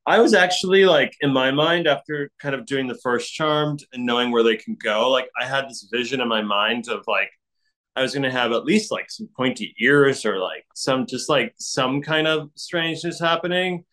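A man's voice: mid-range voice, normal speed, a bit bright, poor audio. A man, an actor being interviewed, talking casually and rambling with many fillers and frequent laughs. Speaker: actor guest.

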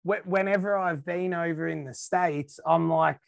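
A man's voice: a little high, steady tone, normal speed, gravelly, dry recording, studio quality. A man with an Australian accent chatting casually as a podcast guest, laid-back and laughing often, trailing off and restarting his sentences. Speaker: guest musician.

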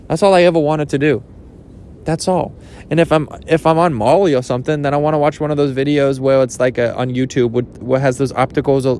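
A young man rambling jokily in a casual vlog, swearing now and then, his pitch jumping up when he gets excited. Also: a little hiss or hum. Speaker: vlogger. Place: outdoors at a beach.

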